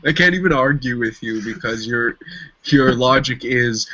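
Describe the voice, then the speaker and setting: A man's voice: medium pitch, measured pace, sharp tone, highs cut off. A man co-hosting a casual podcast, rambling and teasing his friends with frequent laughs. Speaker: podcast co-host.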